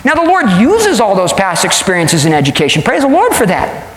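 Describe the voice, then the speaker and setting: A male pastor preaching a sermon, telling the story with lively acted-out voices. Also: high-pitched, brisk. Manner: animated storytelling, acts out quoted voices. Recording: echoey hall.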